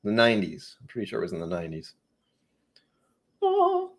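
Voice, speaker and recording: A man's voice: deep voice, racing, a bit bright, slightly rough. A man hosting a live whiskey tasting stream, chatting casually, rambling and joking at himself as he reads viewer comments. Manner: rambling, self-mocking, reads chat comments aloud. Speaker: whiskey channel host.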